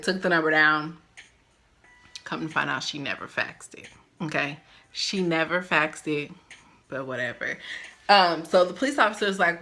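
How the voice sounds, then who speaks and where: A woman vlogger telling a storytime about a stay in jail, animated and acting out the voices of the people she quotes. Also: on the low side, moderate pace. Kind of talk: storytime vlog.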